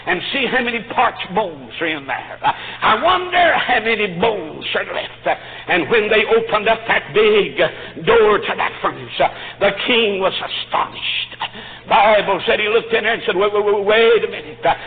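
A man's voice: high-pitched, expressive, normal speed, phone-quality sound. A man preaching a fervent sermon, punctuating his phrases with "uh". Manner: fervent, with frequent "uh" between phrases.

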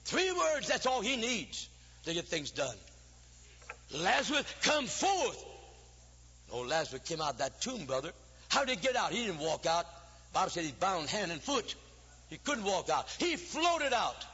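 Lively, bright-voiced man preaching in an echoing church. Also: on the high side, moderate pace, slightly rough. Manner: folksy, humorous storytelling with chanted preaching cadence. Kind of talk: folksy Baptist sermon. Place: church sanctuary. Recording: lo-fi hall recording with long reverb.

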